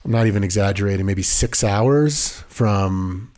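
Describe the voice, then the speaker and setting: A man in his thirties co-hosting a podcast, telling stories in an animated casual chat. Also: lowish voice, measured pace. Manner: animated storyteller, acts out scenes. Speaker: podcast co-host.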